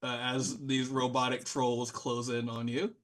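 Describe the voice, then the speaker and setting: A man narrating a tabletop game as game master, casual and animated, with many fillers. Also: mid-range voice, measured pace.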